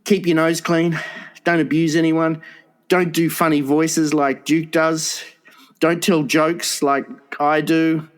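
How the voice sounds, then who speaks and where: Swearing man, fairly high voice. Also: level tone. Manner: swears often, laughs, halting restarts. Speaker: podcast co-host. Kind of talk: crude comedy podcast banter.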